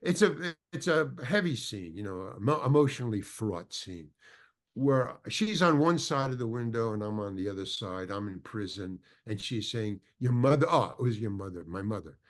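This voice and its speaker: A man's voice: fairly low pitch, expressive, moderate pace. An older man, an actor as interview guest, telling a long anecdote with many restarts and acted-out quotes. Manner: rambling, full of restarts, acts out quoted dialogue.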